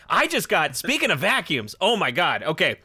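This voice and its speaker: Bright-voiced guy hosting a band livestream, chatty, laughs a lot, dry sound. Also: on the high side, breathy edge, no room sound. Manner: chatty, laughs often, many restarts. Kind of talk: casual livestream chat.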